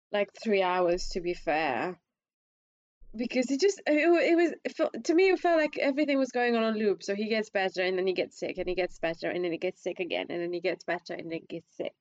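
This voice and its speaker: Squeaky-voiced woman reviewing a film. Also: animated, fairly quick, dry recording, dull audio. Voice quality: self-described squeaky voice. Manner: hesitant, restarts often, rises in pitch when emphatic. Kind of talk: casual film review chat.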